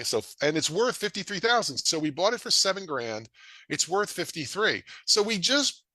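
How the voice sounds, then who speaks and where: A middle-aged man with a bright, forceful voice and a slightly raised pitch. He presents to an audience in an energetic, folksy way, his pitch swinging widely as he acts out quick bits of dialogue. The sound is dry and close. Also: no echo. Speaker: real estate investor presenting a webinar.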